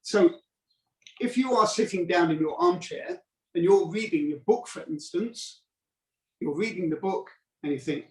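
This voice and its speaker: A man's voice: high voice, lively intonation, a little slow, long pauses, darkish tone. Rambling man on a roomy call. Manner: casual, rambling with restarts and fillers. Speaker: product demonstrator. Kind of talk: live video call product demo. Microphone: video call. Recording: roomy, distant video call audio.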